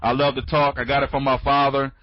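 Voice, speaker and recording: A man's voice: mid-range voice, dry recording. Sleepy, rambling man on lo-fi audio. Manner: rambling, repeats himself, many restarts; talks fast when excited. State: sleepy, tired. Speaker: online training conference host. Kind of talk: casual live webinar talk. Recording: dry, dull lo-fi audio.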